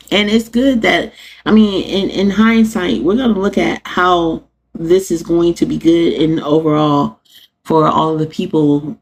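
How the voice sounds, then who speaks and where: Husky, gravelly-voiced woman ranting sarcastically. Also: sits low. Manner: animated, sarcastic, laughs often, addresses chat. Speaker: podcast host. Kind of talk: live-streamed rant to viewers.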